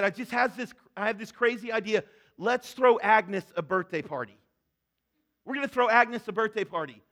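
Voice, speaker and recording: A man's voice: high voice, a bit bright. A man preaching a sermon, retelling a story with quoted voices before reading scripture. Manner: storytelling, acting out quoted speakers. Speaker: pastor.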